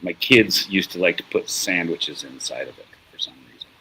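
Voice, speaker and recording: Bright-voiced man telling a rowdy story. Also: low voice, animated, moderate pace, slight background noise, low-quality recording. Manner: profane, rambling, laughs at own story. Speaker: show host. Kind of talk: casual storytelling chat.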